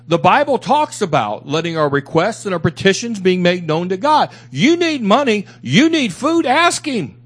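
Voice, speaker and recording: A man preaching a sermon as pastor, emphatic and repetitive, with candid asides to his congregation. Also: sits high. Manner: emphatic preaching with repeated phrases.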